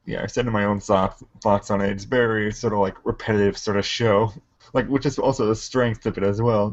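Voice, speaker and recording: A man who is a guest on a livestream, chatting casually and rambling, with laughs in the middle of his sentences. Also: lowish voice. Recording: dull lo-fi stream audio.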